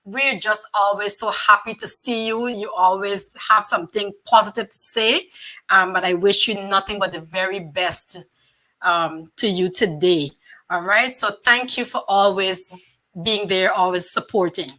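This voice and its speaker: A woman co-hosting a live-streamed special, giving upbeat shout-outs with many fillers. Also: mid-range voice, unhurried. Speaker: co-host. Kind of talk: live-stream casual chat.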